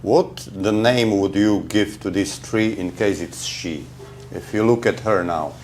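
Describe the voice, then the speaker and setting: A man's voice: on the low side, a little slow, darkish tone, faint music behind. A man hosting a bonsai channel, speaking hesitantly with many fillers. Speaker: channel host. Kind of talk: casual wrap-up.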